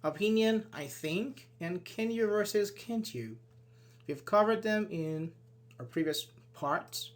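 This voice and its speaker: A man giving an online English grammar lesson, explaining step by step and acting out short sample dialogues. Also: slow pace. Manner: explains with many "for example"s and acted-out sample dialogues; lively, switches pitch when voicing example sentences. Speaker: English teacher.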